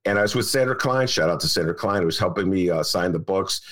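Lively, bright-voiced older man rambling. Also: deep voice, quick pace. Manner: rambling, emphatic, repeats himself. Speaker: podcast host and journalist. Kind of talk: casual chat.

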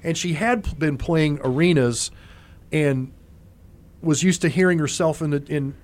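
A man, a former concert monitor engineer, telling stories in a relaxed interview and acting out other people's lines as he goes. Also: on the high side, measured pace. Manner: animated raconteur, acts out other people's lines. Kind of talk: casual storytelling in an interview.

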